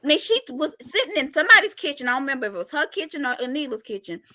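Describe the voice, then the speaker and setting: High bright lady cohost, opinionated and full of questions about the episode. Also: big pitch swings, rapid-fire. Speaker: recap show co-host. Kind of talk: casual reality TV recap chat.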